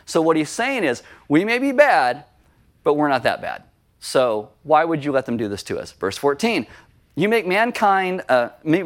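A male pastor preaching a sermon, acting out quoted prayers with animated emphasis. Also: fairly high pitch.

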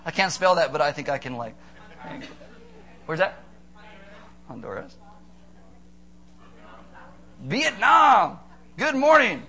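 Animated preaching man, fairly high voice. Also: measured pace, long pauses. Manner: animated, rhetorical questions, playful asides to congregation. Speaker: pastor. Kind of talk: sermon.

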